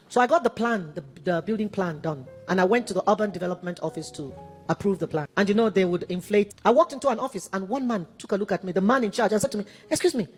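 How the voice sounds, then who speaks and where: Rapid-fire Nigerian woman preacher. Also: medium pitch, husky. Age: 50s. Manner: animated storytelling, acts out dialogue. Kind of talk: sermon testimony.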